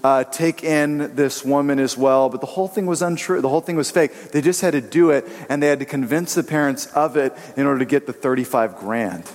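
A man's voice: mid-range voice, fairly quick, hardly any pauses, darkish tone. A man preaching a sermon in an earnest, conversational way, telling personal stories to make his point. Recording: long reverberant hall.

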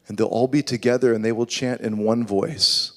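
A man preaching a sermon as a pastor, animated, acting out voices in his story. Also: mid-range voice, normal speed. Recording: long reverb of a large hall.

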